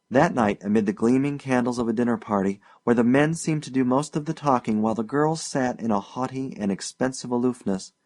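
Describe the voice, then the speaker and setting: A man narrates a classic short story as a scripted audiobook reading. His delivery is unhurried and even, steady through the descriptive passages. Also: medium pitch.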